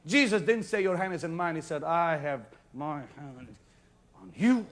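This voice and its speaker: High-pitched preacher swinging from shouts to hushes. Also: male voice, moderate pace. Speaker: pastor. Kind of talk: sermon. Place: church before a congregation.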